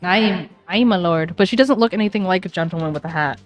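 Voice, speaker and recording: Woman doing a lilting Irish gentleman witness, rambling. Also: fairly low pitch, fast talker, faint music behind, natural voice. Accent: put-on Irish. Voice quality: lilting, folksy turns of phrase.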